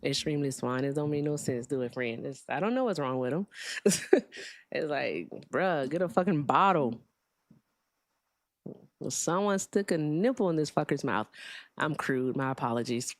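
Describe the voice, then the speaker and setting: A woman's voice: low voice, animated, normal speed, no echo. A woman hosting a live call-in debate stream, blunt, sarcastic and crude. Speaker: host.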